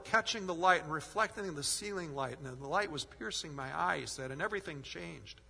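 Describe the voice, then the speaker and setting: A man's voice: on the high side, animated, fairly quick, vocal fry, few pauses, sharp tone, breathy edge. A male pastor preaching a sermon, earnest and rising in force as he retells a story. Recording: long hall reverb.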